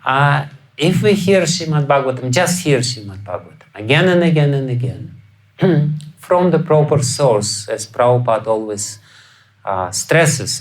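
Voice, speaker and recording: In a lecture hall, a spiritual teacher with a Russian accent expounds on scripture, laughing frequently and throwing out rhetorical questions. His medium-pitched voice erupts loudly when he impersonates the voices he quotes. The recording quality is low.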